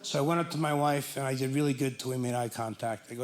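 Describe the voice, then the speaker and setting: A man doing a self-deprecating stand-up set, jumping from stammering bits to shouted punchlines. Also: medium pitch, little pitch movement, fast, roomy sound, slight background noise. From Irish-American from New Jersey. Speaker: stand-up comedian. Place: comedy club stage with live audience.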